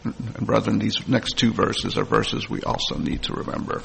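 Gravelly-voiced man preaching in a hall. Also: lowish voice, sing-song, moderate pace, a bit bright, a little hiss or hum. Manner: reads scripture aloud, then comments plainly to the congregation. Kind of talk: sermon with scripture reading. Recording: long hall reverb.

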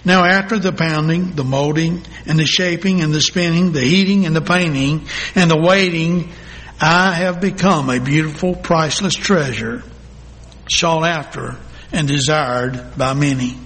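A male pastor telling a story in a sermon, reading slowly and deliberately with dramatic pauses. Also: fairly high pitch, fairly bright tone. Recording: long hall reverb.

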